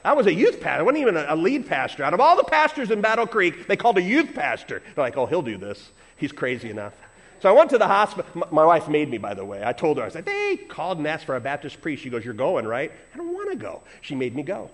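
Animated man preaching a sermon. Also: a little high, quick pace. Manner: animated storytelling, swings from loud emphasis to quiet asides. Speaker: pastor. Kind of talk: sermon with personal story.

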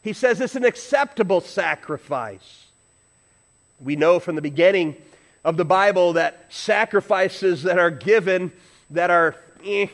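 A man's voice: fairly high pitch, a bit bright. A man preaching a sermon as pastor, conversational, asking the congregation questions and adding humorous asides.

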